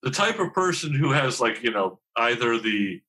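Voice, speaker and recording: A man's voice: medium pitch, sing-song, moderate pace, pushed and bright, low-quality recording. A man in his fifties, a TV writer talking candidly as a podcast guest, self-deprecating and rambling with many restarts. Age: 50s. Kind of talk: candid conversational interview.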